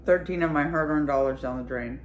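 A woman with a fairly low voice chats to her viewers while she eats, stopping to taste things and cursing freely. She talks in a loose, everyday way, as in a casual mukbang vlog. A faint hiss of noise sits under the recording. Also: brisk. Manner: chatty, swears freely, talks between bites. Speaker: vlogger.

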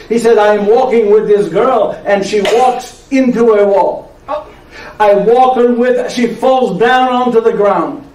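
Actor as an aging friar, weary but joking, Italian accent, high voice, teasing "yes?" asides, echoey church, mic far off. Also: male voice, darkish tone, slight background noise. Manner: teasing storyteller who keeps asking "yes?". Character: aging frail male friar, tired but playful joker. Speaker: actor performing a one-man show. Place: church hall before a live audience.

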